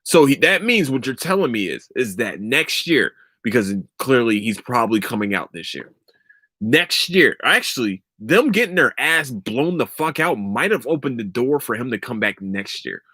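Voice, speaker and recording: A man's voice: mid-range voice, very animated, normal speed, bright, forceful tone, dry recording, clean studio sound. A young man hosting a podcast, ranting about sports in a heated, sarcastic and profane way. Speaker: podcast host. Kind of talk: casual sports rant.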